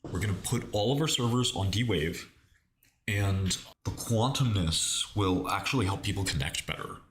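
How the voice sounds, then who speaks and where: A man putting on a stiff male tech CEO delivering a corporate earnings pitch, halting with ums. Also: slight background noise, natural voice. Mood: earnest pitch.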